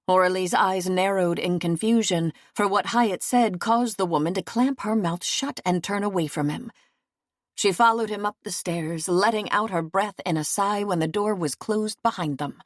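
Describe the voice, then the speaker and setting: A woman narrating a historical romance audiobook in a steady, even storytelling manner. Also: medium pitch, moderate pace, no echo, studio quality. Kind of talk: scripted narration.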